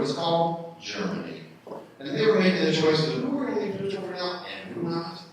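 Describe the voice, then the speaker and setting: A man delivers an animated history lecture to a live audience, regularly asking them questions. His voice sits a little on the high side. The room is very echoey, the mic is far away, and there is faint background noise. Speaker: history speaker at a workshop. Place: indoor event room with audience.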